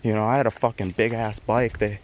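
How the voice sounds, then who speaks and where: A man's voice: on the low side, level tone, fairly quick. A man telling stories from his youth in a casual, rambling way, swearing constantly. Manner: profane, rambling and laid-back. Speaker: storyteller. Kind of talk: casual storytelling. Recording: noisy recording.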